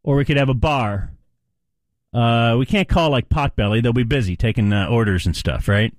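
A man's voice: mid-range voice, moderate pace, dry recording. A man hosting live sports talk radio, chatty and playful, rambling with asides.

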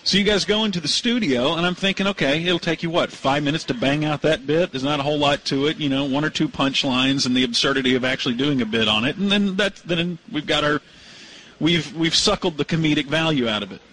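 A man hosting a sports radio show, telling a story in casual banter with animated, mock-indignant delivery. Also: fairly high pitch, brisk, poor audio. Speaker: radio host.

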